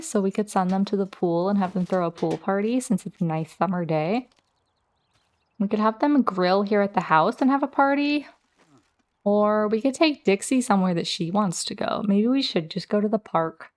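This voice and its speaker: Chatty woman narrating her life-sim game. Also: medium pitch. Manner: chatty, talks directly to her game characters. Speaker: let's play host. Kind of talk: casual gameplay commentary.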